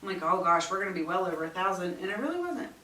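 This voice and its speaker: A woman's voice: lowish voice, sing-song, rapid-fire, sharp tone, echoey room, recorded from a distance, slight background noise, low-quality recording. A middle-aged woman chatting casually through product reviews in a blunt way, with exasperated asides. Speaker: beauty vlogger.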